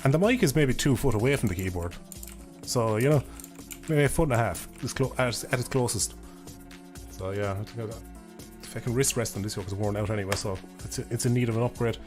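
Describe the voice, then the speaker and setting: A man's voice: medium pitch, lively intonation, a little fast, over music. A young Irish man chatting casually on a live stream, rambling, laughing and swearing offhandedly into a desk microphone.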